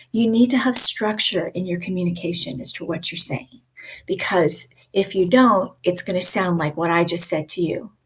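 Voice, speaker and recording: A woman leading a live online communication coaching session in a lively, conversational way, often acting out examples for her listeners. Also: mid-range voice, breathy edge. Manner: lively, conversational teacher who acts out examples.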